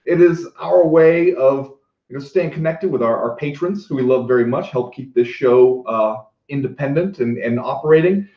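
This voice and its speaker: A man's voice: mid-range voice, normal speed. A man co-hosting a podcast, chatting casually with enthusiasm and wry self-deprecating asides. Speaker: podcast co-host. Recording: roomy, dull lo-fi sound.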